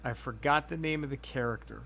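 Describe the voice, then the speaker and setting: A man's voice: medium pitch, fairly quick, gravelly, a bit bright, a little hiss or hum. A man hosting a podcast in casual chat, rambling and profane as he tells a story. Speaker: podcast host.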